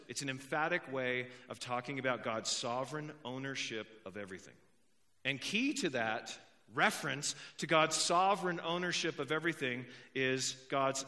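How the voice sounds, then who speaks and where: A young man delivers a sermon in a bright, forceful voice that sits a little high. He talks in a conversational way, drives his points home by repeating them, and drops in joking asides to the people listening. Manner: emphatic, repeats key points. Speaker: pastor.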